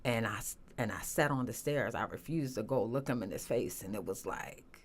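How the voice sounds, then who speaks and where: A woman telling her personal story as a guest, earnest and halting, with many restarts and fillers. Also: rumbling low. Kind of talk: emotional personal testimony.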